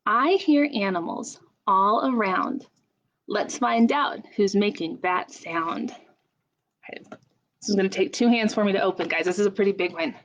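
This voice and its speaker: A young woman leading a children's story time, asking slow sing-song questions and making playful animal sounds. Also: mid-range voice. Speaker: children's librarian. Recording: dull lo-fi camera audio.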